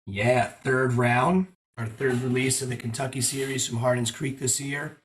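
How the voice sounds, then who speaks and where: A man's voice: mid-range voice, normal speed, slight background noise. A man who is a guest on a podcast, talking in a chatty, storytelling way and sometimes correcting himself as he goes. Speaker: guest, whiskey brand ambassador. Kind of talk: casual podcast chat. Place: his apartment.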